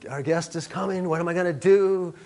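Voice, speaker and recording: A male preacher voicing a flustered woman frantically preparing for guests, quieter than his sermon voice. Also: high-pitched, a little fast. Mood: frantic. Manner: frantic, fretful.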